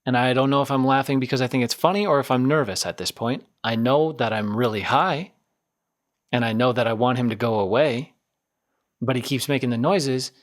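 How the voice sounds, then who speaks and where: A man's voice: medium pitch, brisk. A man in his twenties hosting a podcast, telling a story in a rambling, self-deprecating way that circles back and repeats itself. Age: 20s. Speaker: podcast host. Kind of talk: casual storytelling.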